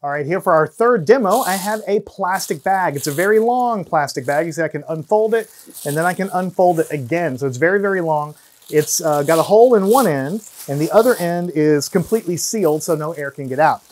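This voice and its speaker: A man's voice: on the high side, animated, a little fast, a little mellow, slight background noise. A man teaching physics, explaining hands-on demonstrations step by step and counting down before each one. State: out of breath at times from blowing. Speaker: science teacher.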